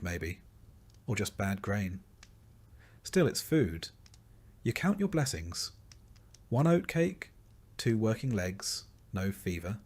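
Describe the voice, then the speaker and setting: A man narrating a slow, calm bedtime story in the second person, in a soft, even and unhurried scripted delivery. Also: on the low side.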